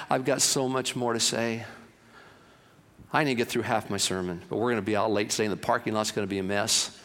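A male pastor preaching a sermon, swinging from emphatic to hushed. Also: lowish voice, steady tone, brisk.

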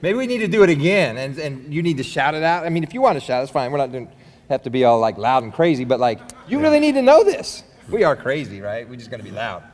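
A man's voice: medium pitch, big pitch swings, fast talker, long reverb tail. A man preaching a sermon in a conversational, rambling way with many restarts. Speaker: pastor.

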